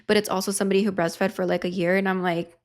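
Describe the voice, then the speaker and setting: A young woman hosting a podcast in casual chat, expressive and confessional, swearing freely. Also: medium pitch, fast. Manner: emotional, confessional. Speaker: podcast host.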